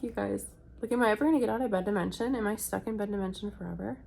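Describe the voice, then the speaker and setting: A young woman with a gravelly, fry-laced voice, talking from bed while sick with a virus. She rambles in a chatty vlog style, swearing freely and acting out what other people said, with a mid-range pitch. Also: a little mellow. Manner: chatty, swearing, fast asides and quoting people. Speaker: vlogger. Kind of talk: casual storytelling vlog. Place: hotel room, in bed.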